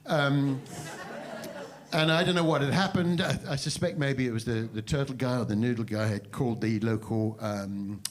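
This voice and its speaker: A male comedian on a live stage tells his tale in a rambling, halting way, with plenty of fillers and false starts. His delivery stays mock-serious and self-deprecating, and he keeps turning to banter with the room. His voice sits at an everyday middle pitch. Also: a little hiss or hum. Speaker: stand-up comedian. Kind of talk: live stand-up storytelling with crowd banter. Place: live venue stage before an audience.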